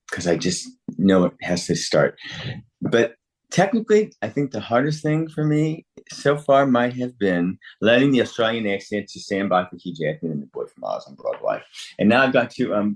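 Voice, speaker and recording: A man in his sixties, an actor speaking as a guest over a video call, animated and often correcting himself with laughs. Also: fairly low pitch. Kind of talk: remote interview.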